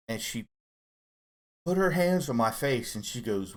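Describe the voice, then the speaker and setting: A middle-aged man telling a candid personal story in casual chat, earnest and halting as he opens up. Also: medium pitch, expressive. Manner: earnest, halting, open about emotion. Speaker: co-host guest dad.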